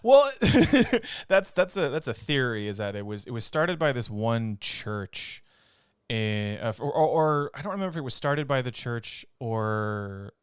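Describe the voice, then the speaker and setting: A man's voice: mid-range voice, sing-song, moderate pace, smooth, dry recording, studio quality. A man co-hosting a gaming podcast, chatting casually and rambling while he laughs often. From North Texas. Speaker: podcast co-host.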